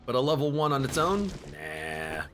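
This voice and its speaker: Man, game streamer, casual chatty commentary, animated pitch, game music behind. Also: moderate pace. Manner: chatty, jokes at the game and at himself.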